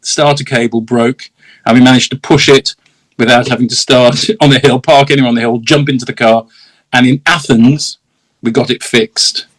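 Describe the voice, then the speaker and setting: A man's voice: mid-range voice, fairly even intonation, moderate pace, fairly bright tone, rough recording. A middle-aged man with an English accent, a guest telling anecdotes in a casual interview, laughing often and acting out the voices in his stories.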